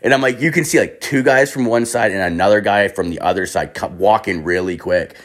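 Young man, lowish voice, profane rambling storyteller. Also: brisk. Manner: profane, rambling, animated anecdote telling. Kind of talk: casual comic storytelling.

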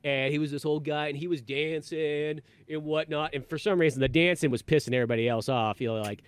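A man hosting a podcast, telling a rambling, animated story in casual chat and acting out quotes in a raised voice. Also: fairly high pitch, fairly quick, smooth, no room sound. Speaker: podcast host.

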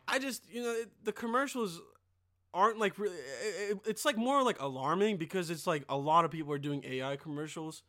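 A young man hosting a podcast, riffing in a rambling, profane, casual comedic rant and now and then bursting into loud yelled impressions. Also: high-pitched, expressive, fairly quick. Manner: rambling, profane, full of filler.

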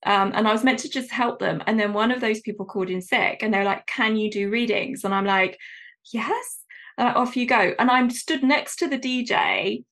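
A woman's voice: on the high side, brisk, few pauses, fairly bright tone. A woman with a British accent hosting an interview, telling stories and asking questions conversationally. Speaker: podcast host.

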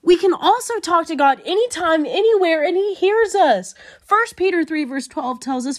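A woman's voice: very high-pitched, expressive, moderate pace, hardly any pauses. A young woman giving an earnest, emphatic devotional talk, speaking directly to her listeners. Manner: earnest, emphatic, addresses listeners as "you guys". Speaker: Christian speaker.

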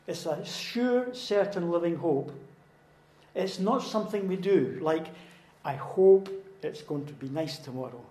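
A man preaching with earnest conviction, his slightly high voice swelling into emphatic, repeated declarations. The sound carries the roomy echo of a church hall. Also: animated, a little slow, dark tone. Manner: earnest, repetitive, rising to emphatic proclamation. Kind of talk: sermon.

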